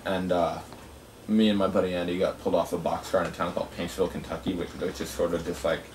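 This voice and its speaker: A man's voice: sits low, little pitch movement, quick pace, darkish tone. A man casually telling a long travel story, rambling with many fillers and restarts. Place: outdoors at a gathering. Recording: distant mic with clear outdoor noise.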